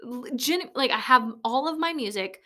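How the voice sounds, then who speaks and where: A woman in her late twenties hosts a casual solo podcast from a small converted shed, speaking into a studio microphone. Her high, expressive voice moves at normal speed with a sharp tone, and she's blunt and rambling, swearing often and laughing easily.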